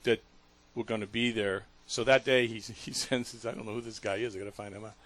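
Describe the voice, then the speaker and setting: A man hosting a talk radio show, telling a story in an earnest, emotional way with halting restarts. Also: fairly low pitch, fairly even intonation, a bit bright.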